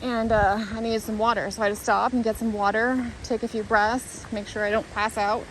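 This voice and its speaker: A woman's voice: a little high, flat delivery, fairly quick, slight background noise, rough recording. Earnest woman vlogging on a trail. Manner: earnest, rambling, self-reflective, thinks aloud. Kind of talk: reflective walking vlog. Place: outdoors on a hiking trail.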